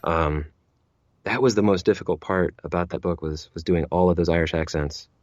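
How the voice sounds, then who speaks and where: A man's voice: low voice, moderate pace, muffled recording, crowd noise. A man who narrates audiobooks, chatting as an interview guest, rambling with many restarts and repeated words. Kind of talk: casual interview chat.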